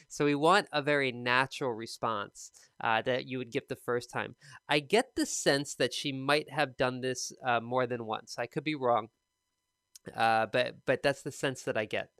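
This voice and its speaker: Smooth-voiced male TOEFL teacher. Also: mid-range voice, fairly bright tone, no echo, clean studio sound. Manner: conversational, explains with examples. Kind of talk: live-streamed teaching talk.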